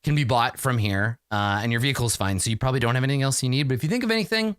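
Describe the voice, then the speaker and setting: A man's voice: medium pitch, animated, racing, a bit bright. A man narrating as game master in a loose, chatty way.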